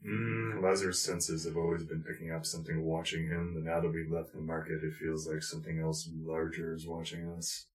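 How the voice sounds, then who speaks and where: Deep-voiced guy playing a tabletop game, chill, roomy echo on the mic. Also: level tone, fairly quick, few pauses. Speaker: player. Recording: echoey room.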